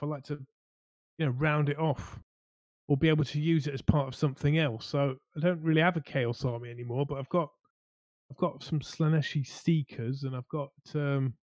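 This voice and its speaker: A man's voice: on the high side, darkish tone, no room sound. A man co-hosting a casual hobby chat show, rambling and restarting his sentences as he weighs his options. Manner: rambling, hesitant, many restarts. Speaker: co-host.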